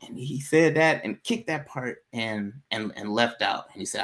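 Man, podcast co-host, casual storyteller, lively delivery, quotes himself in a high voice. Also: normal speed. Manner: animated, jumps to high pitch when quoting himself, laughs often.

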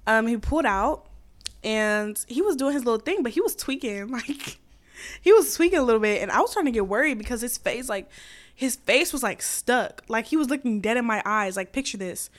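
Speaking at a moderate pace in a fairly high, expressive voice, a young woman hosts a podcast and shares a story conversationally. Her delivery is giggly and laced with plenty of filler words such as "like" and "um."

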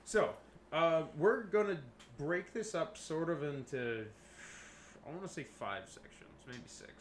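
A man's voice: fairly high pitch, lively intonation, a little slow, slight background noise. Joking, swearing podcast man in echoey room. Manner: joking, swears, laughs often. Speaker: podcast co-host presenting the episode. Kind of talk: casual podcast banter.

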